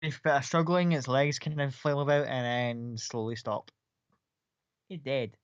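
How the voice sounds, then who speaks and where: A man's voice: medium pitch, steady tone, unhurried, smooth, dry recording. A man narrates a tabletop game as its game master, in a loose, rambling way with fillers and the odd curse. The recording is dull and lo-fi, with a dry, close sound. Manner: casual, rambling with fillers and swearing.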